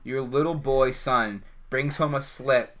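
Bright-voiced man joking around. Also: mid-range voice, a little slow. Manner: joking, teasing banter. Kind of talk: casual chat.

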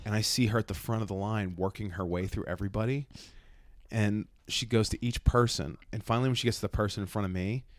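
A man co-hosting a comedy podcast, telling an animated story in casual chat, laughing as he goes. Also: on the low side, quick pace, no echo, studio quality. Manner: animated storyteller, acts out voices, laughs often. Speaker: podcast co-host.

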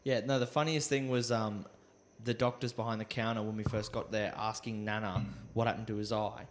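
A man's voice: lowish voice, brisk, a little hiss or hum. A man with an Australian accent, co-hosting a podcast, retelling a story in casual chat and acting out the quoted lines. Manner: animated storyteller, acts out quotes. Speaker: podcast co-host.

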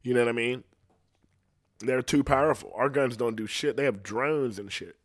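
Profane rambling stand-up comedian. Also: male voice, mid-range voice, normal speed, dry recording, clean studio sound.

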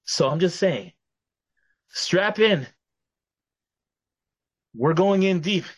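A man's voice: high-pitched, animated, drawn-out words, slightly rough. A man hosting a casual podcast, playful and theatrical in his announcements. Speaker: podcast host.

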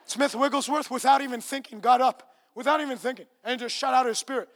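A male preacher at a revival gathering, swinging from low, chatty asides to shouted, repeated declarations. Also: fairly even intonation, fast. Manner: repeats phrases for emphasis. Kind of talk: revival sermon. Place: large outdoor crusade gathering.

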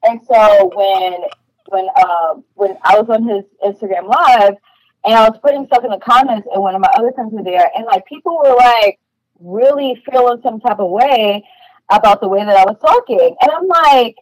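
A woman from New York, a podcast guest, telling stories in casual chat, blunt and animated with lots of "like" fillers. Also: a little high, normal speed, no room sound, poor audio.

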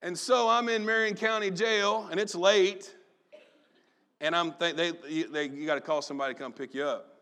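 Man, pastor, sermon, storytelling, high voice, bright tone, animated. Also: normal speed. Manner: storytelling, animated, acts out family members.

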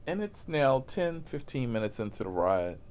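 A man's voice: mid-range voice, big pitch swings, moderate pace, darkish tone, clear, resonant tone. A man telling a profane, comic story about his rideshare job in a casual voice, laughing at himself as he goes.

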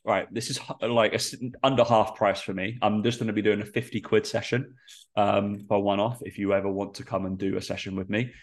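A man's voice: lowish voice, flat delivery, brisk. A man with a nasal, congested voice, a personal trainer chatting casually on a podcast in a rambling way full of fillers.

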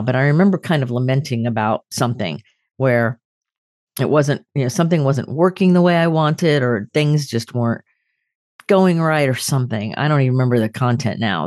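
A woman's voice: extremely low pitch, a little mellow, dry recording. An older woman talks through a spiritual reflection as a podcast host, earnest and personal. She tells her stories with restarts and asides. The sound is dry and close, with no room around her.

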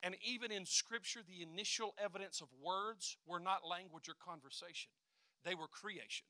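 A man preaching a sermon, swinging from quiet asides to loud declarations and acting out voices. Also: high voice, moderate pace, no room sound, studio quality.

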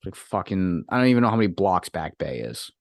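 A man rambles through a casual podcast chat, hedging and swearing as he goes. His voice sits fairly low, and the recording is close and dry. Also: big pitch swings, brisk, gravelly, no room sound. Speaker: podcast co-host.

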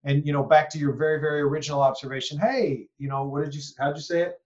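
This East Texas podcast host is a fast talker with a slightly high, darkish voice, heard in lo-fi sound. During the conversational interview he reflects and rambles, adding many asides and tag questions such as "you know" and "right?".

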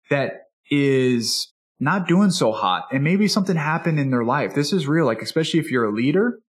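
An energetic, enthusiastic man teaching as a speaking coach in a motivational podcast talk, sometimes acting out a customer and a salesperson. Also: a little high. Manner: energetic and enthusiastic, animated delivery; acts out customer and salesperson dialogue.

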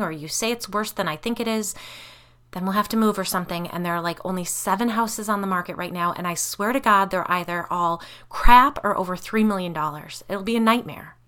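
A woman's voice: medium pitch, a bit bright, natural voice. A woman reading an anxious, frazzled homeowner who rambles through her worries.

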